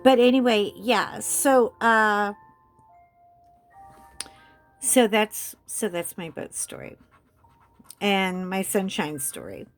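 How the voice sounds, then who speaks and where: A woman hosting a coloring chat, telling a story casually with animated delivery and frequent laughter. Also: medium pitch, takes it slowly, pauses often, soft background music. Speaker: host.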